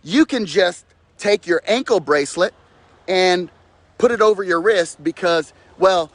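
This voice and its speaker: A fired-up man with a high, ringing voice preaches outdoors into a close phone mic. He hammers his points with repetition and mocks the voices of others. The sound is dry, with almost no room reflection. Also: a bit bright, dry recording. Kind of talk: impassioned outdoor rant.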